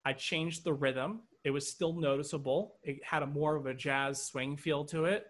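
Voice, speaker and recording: A man teaching an online drum lesson, explaining patterns step by step and checking in with "okay" as he goes. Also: a little high. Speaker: drum instructor. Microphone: video call. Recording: drums loud behind voice. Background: drum kit playing.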